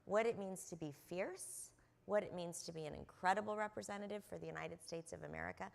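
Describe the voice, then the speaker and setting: A middle-aged woman speaks from a convention stage in a low voice with a gravelly edge of fry. She tells anecdotes earnestly, dotting her sentences with ums and uhs. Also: fast talker. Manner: earnest anecdotal storyteller with frequent fillers. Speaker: panelist. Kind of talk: conference panel storytelling.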